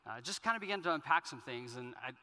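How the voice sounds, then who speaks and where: A man's voice: medium pitch, animated, fast, bright, forceful tone, in a large hall. A male pastor giving a sermon, telling stories in a conversational, self-deprecating way. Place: church auditorium.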